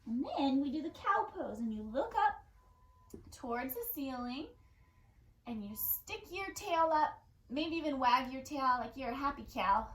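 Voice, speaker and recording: Young woman guiding kids thru yoga, upbeat and encouraging, pretty high voice. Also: big pitch swings, unhurried, slight background noise, rough recording. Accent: Californian. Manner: gentle, playful, encouraging. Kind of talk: guided kids yoga class.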